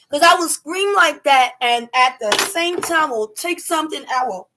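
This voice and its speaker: A woman telling a story to camera in a casual rant, emphatic and animated, acting out her own shouts. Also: sits high, normal speed, few pauses, noisy background. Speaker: vlogger.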